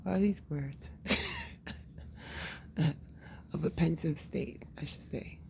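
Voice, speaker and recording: Give me a mother with a deep, husky-edged voice, talking frankly to camera, faint hiss behind her. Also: slow pace, darkish tone. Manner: candid, swears freely, laughs often. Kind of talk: casual personal monologue.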